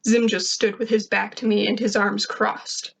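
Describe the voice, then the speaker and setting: A woman reading a first-person fan fiction story aloud in a steady narrating voice. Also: mid-range voice, normal speed, creaky.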